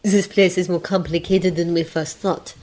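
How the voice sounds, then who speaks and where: Woman reader's low measured man, sober hero. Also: steady tone, a little mellow, close to an everyday voice. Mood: calm.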